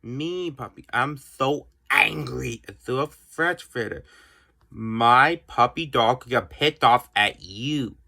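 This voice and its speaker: A man's voice: medium pitch, takes it slowly, vocal fry, pushed and bright. A man ranting in a home video, grumbling bluntly and repetitively with mild swearing. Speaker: vlogger.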